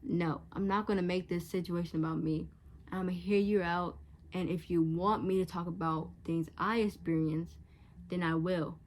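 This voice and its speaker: A woman's voice: lowish voice, steady tone, normal speed, a little hiss or hum. A teenage girl vlogger giving frank, chatty advice straight to camera, casual and blunt. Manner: chatty, frank, acts out catty voices in quotes.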